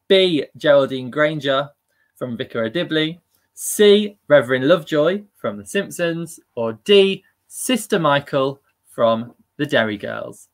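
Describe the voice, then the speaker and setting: A man's voice: fairly high pitch, animated, slow. Give me a chatty, upbeat man hosting a live online quiz. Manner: upbeat and chatty, laughing at himself. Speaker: quiz host.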